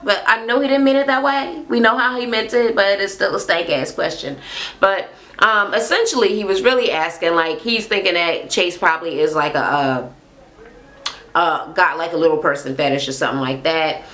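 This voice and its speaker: A woman's voice: on the low side, normal speed. A woman recapping a reality show on her channel, blunt and heavy on profanity, acting out what people said. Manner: animated storyteller acting out quotes. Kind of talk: casual recap rant.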